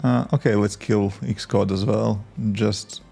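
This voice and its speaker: A man's voice: on the low side, fairly even intonation, slow pace, gravelly, mellow, faint music behind. A man, an app developer chatting casually on a live stream while he codes and talks to his viewers and his tools. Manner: thinks aloud, talks to chat and to his tools.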